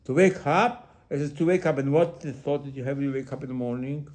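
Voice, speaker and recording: A man giving a sermon as a rabbi, asking rhetorical questions and repeating them, with Hebrew religious terms mixed into his English, moving between hushed asides and emphatic lines. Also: mid-range voice, fairly even intonation, fast. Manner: loudness swings from hushed to emphatic.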